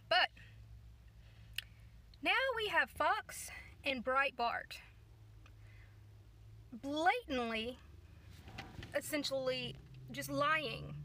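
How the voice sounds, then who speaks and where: A woman's voice: sits high, sharp tone, a little hiss or hum. A woman talking casually to her viewers, indignant and rambling, often restarting her sentences. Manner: indignant, rambling, self-correcting. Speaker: political vlogger. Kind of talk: casual talk to camera.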